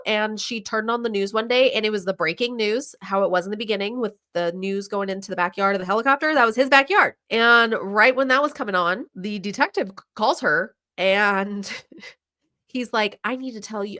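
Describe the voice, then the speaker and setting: Woman, podcast host, true crime recap, casual, animated retelling, slightly low voice.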